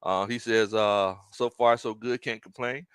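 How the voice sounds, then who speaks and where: A man hosting a casual sports live stream, reading viewer comments aloud, animated and laughing often. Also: lowish voice, unhurried, clear, resonant tone, no room sound. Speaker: sports show host.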